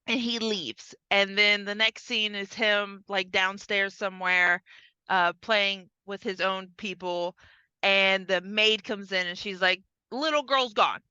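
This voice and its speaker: A bright, clear-voiced woman chatting on a podcast, retelling a film and jumping up in pitch to play each character's lines. The sound is dry and a little muffled. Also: takes it slowly, no echo. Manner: animated, acts out characters' lines with big pitch jumps. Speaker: podcast co-host. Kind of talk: casual chat recapping a film.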